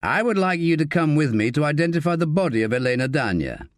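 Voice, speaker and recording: A man's voice: on the high side, sing-song, fast talker, no echo, studio quality, pitched above the performer's own voice. A man voicing a firm male police inspector who speaks formally and won't back down.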